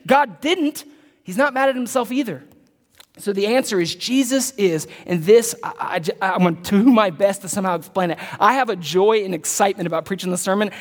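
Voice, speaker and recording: A male pastor preaching an animated sermon, dropping to low murmurs and jumping to loud bursts. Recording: long reverb of a large hall.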